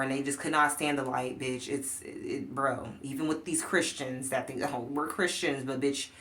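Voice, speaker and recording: Blunt, profane woman ranting on camera. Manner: animated, swings between loud outbursts and low muttering. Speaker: life coach. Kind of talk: casual vlog rant.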